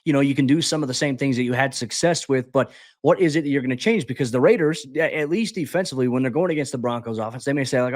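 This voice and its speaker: A man talks football at a rapid clip, stumbling over his first words and pressing ahead. His mid-range voice sounds close and dry, with no room around it. He is a guest host on a sports podcast. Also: mid-range voice, dry recording. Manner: rapid, animated, frequent stammered restarts. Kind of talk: casual sports analysis chat.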